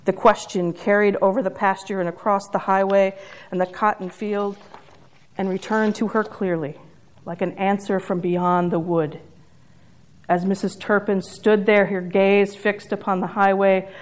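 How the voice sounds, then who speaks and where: A woman preaching, retelling a story in a measured and reflective way. Her voice sits at an ordinary pitch for a woman. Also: steady tone.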